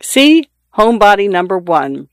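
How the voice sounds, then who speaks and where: A soft-spoken young wife, patient and affectionate, coaxing her husband along with gentle pleas, as a male reader puts her on. The voice sits a little high, and it sounds close and dry with no room around it. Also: very animated, moderate pace, dry recording, exaggerated voice. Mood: teasing.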